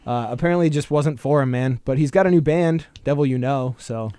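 A man's voice: medium pitch, a little fast, dark tone, clean tone, no echo, studio quality. A man co-hosting a podcast, chatting casually in a blunt, profane way and laughing often. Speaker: podcast co-host.

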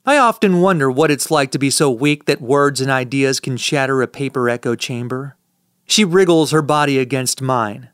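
A man's voice: medium pitch, moderate pace, fairly bright tone, clean tone, no room sound. A man narrating a first-person audiobook in a dry, sardonic manner, recorded on a close studio mic.

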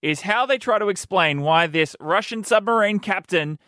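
A man hosting a comedy radio show, wisecracking with quick delivery. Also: high voice, fairly bright tone, no echo. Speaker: radio host. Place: radio studio.

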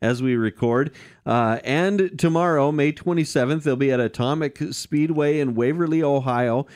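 A man's voice: mid-range voice, moderate pace, a little mellow. A man co-hosting a racing podcast, reading schedules and chatting in an easygoing, hesitant way with frequent fillers. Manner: easygoing, hesitant with many uh's, chuckles. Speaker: podcast co-host. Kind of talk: casual chat and schedule reading.

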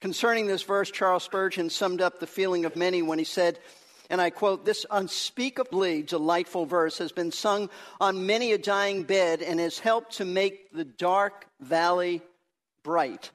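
A man's voice: sits high, measured pace, a bit bright. A man, a pastor, preaching an earnest and emphatic sermon to his congregation.

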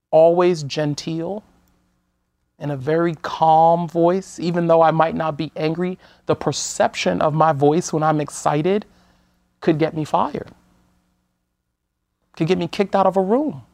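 A woman from the United States speaking as a guest on an interview show, measured and earnest, sometimes restarting her sentences. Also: low-pitched, gravelly, no echo. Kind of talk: conversational talk-show interview.

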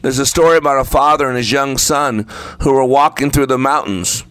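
A man's voice: medium pitch, brisk, fairly bright tone, no room sound. A man preaching a sermon, speaking emphatically and repeating phrases for effect. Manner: acts out the story voices while telling it.

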